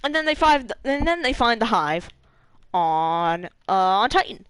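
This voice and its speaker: A young woman streamer recapping a game story in casual, animated talk, swearing freely and laughing between lines. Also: on the high side, measured pace, smooth, dry recording. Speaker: gaming streamer.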